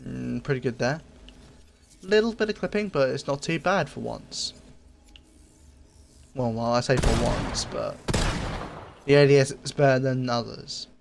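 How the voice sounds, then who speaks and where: Male gaming creator, mid-range voice, relaxed rambling review delivery with frequent filler pauses, faint background hiss. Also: mid-range voice, vocal fry. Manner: easygoing and rambling, often pausing with fillers. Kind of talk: casual game item review commentary.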